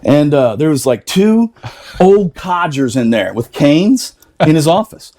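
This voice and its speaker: Animated, swearing veteran storyteller. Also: male voice, a little high, unhurried. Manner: animated, laughing, swearing freely. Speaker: podcast storyteller; Marine veteran. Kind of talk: casual storytelling.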